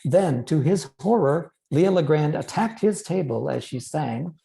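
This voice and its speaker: A male author reads his own novel aloud, measured and expressive. His voice is dark and warm, with a gravelly edge in the low notes. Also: low-quality recording. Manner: measured, expressive literary reading.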